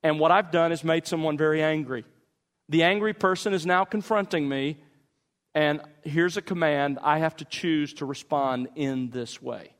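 A man's voice: fairly high pitch, steady tone. Man preaching in a reverberant hall. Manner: measured, emphatic teaching with deliberate pauses. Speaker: pastor. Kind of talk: sermon teaching on scripture meditation.

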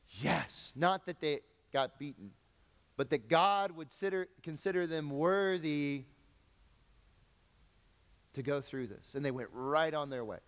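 Man preaching in a reverberant hall. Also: fairly high pitch. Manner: conversational preaching with acted-out quotes. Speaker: pastor. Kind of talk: sermon.

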